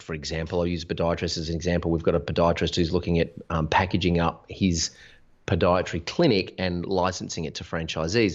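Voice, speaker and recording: A man talking as an interview guest, explaining his business with energy, examples and restarts in casual conversation. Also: sits low. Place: Sydney. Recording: dull lo-fi sound.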